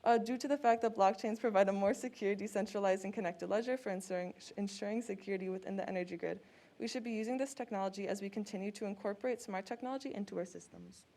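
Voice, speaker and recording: A woman's voice: mid-range voice, quick pace, warm tone. Casual young woman giving a tech talk. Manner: casual, with fillers like "like" and "uh". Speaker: student presenter. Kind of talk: conference talk.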